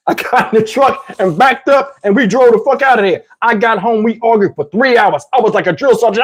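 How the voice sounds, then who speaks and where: A man from Camden with a New Jersey accent, telling a crude, lively story with lots of asides, on a lapel mic. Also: high-pitched, fast talker, few pauses, husky. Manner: profane, animated, lots of asides. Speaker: channel host. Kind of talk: comedic storytelling.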